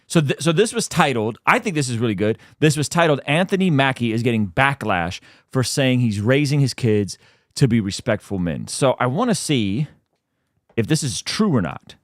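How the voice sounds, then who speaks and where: Casting: lively male podcast host, big pitch swings, dry close sound. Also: normal speed, no echo. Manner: animated, exclaiming, trailing off into restarts. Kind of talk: casual commentary chat.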